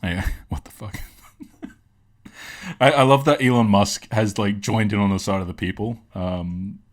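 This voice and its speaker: A man's voice: on the low side, steady tone, normal speed. A young Australian man casually rambling through meme-reaction commentary at a home streaming setup, laughing and swearing often. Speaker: streamer and host.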